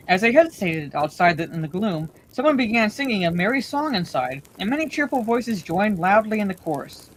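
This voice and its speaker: A woman reading a bedtime story aloud in a calm, steady way as the storyteller. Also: mid-range voice, slight background noise, poor audio.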